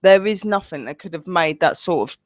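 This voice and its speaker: A woman's voice: on the low side, animated, brisk, rough recording. Chatty woman live-streaming a ghost hunt. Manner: chatty, keeps addressing viewers as guys. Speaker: paranormal team leader. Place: at home indoors.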